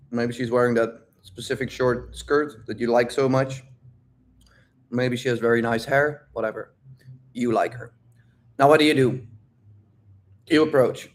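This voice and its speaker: A man coaching viewers on dating during a live-stream Q&A, loud, blunt and profane, repeating points with emphatic drill-like stress. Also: medium pitch.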